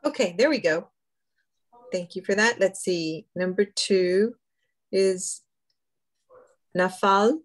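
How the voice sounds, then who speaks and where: A woman student on a video call, reading aloud carefully and slowly. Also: medium pitch.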